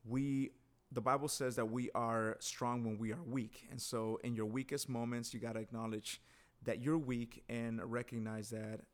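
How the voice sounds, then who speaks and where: A man's voice: medium pitch, level tone, normal speed. Earnest male podcast guest encouraging others. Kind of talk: casual faith talk.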